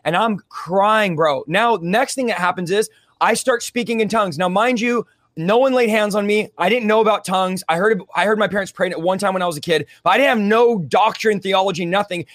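With a high, fairly bright voice and a slightly fast pace, this young Californian man is captured in clean studio sound with no echo. As an interview guest giving his testimony, he tells his story fervently and casually, using words like "bro" and "dude".

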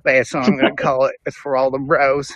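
A man's voice: mid-range voice, flat delivery, brisk, fairly bright tone, no echo, muffled recording, natural voice. A man playing a crude, boastful male survivalist vlogger in a comedic impression video, rambling and profane.

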